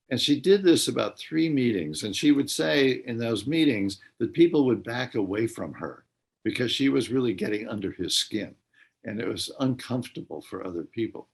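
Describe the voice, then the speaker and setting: An older man speaking as an interview guest, hesitant and full of filler pauses. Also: mid-range voice, animated, creaky, slightly rough. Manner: hesitant, many filler pauses while recounting. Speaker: guest, dementia advocate. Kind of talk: radio interview talk.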